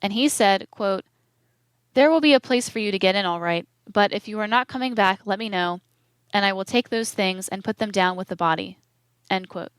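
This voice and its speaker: A woman narrating an audiobook of court testimony in a measured, even manner, reading the quotation marks aloud. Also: mid-range voice, smooth, dry recording.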